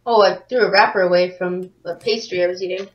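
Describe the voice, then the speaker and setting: A woman's voice: on the low side, fairly even intonation, quick pace, dull audio. A woman from Canada co-hosting a game playthrough, chatting casually in a playful, teasing way with mock anger. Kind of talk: casual chat.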